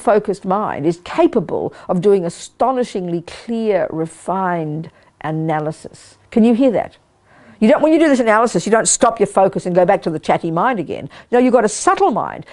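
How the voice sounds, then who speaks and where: A woman's voice: fairly low pitch, dark tone. An older woman giving a Buddhist teaching to a live group, emphatic and repeating words for stress, often checking that listeners follow. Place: meditation hall of a study group.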